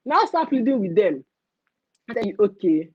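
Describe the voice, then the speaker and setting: A young woman with a Nigerian accent hosting a casual livestream rant, animated and mixing in pidgin phrases. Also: fairly high pitch, moderate pace, breathy edge, no echo, lo-fi sound. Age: young adult. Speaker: livestream host.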